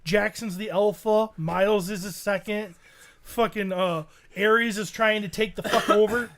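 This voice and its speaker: A man co-hosting a podcast in casual chat, telling an animated, profane story and laughing often. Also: sits high, measured pace. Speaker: podcast co-host.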